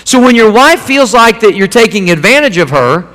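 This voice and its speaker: A man's voice: high-pitched, big pitch swings, normal speed, a bit bright. A man preaching a sermon in a folksy, conversational way, repeating phrases as he teaches from a handout. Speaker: pastor. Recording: long hall reverb.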